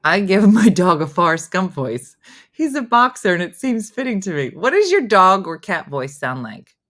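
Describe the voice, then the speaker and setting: A woman's voice: lowish voice, normal speed. Chatty laughing woman hosting a stream. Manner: chatty and animated, laughs often, drops to mock whispers. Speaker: host reading viewer comments. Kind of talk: casual live-stream chat.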